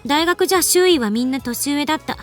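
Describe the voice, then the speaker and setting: A woman voicing a brilliant, proud young female scientist in an anime game, brisk and self-assured. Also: sits high, lively intonation, faint music behind. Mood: confident.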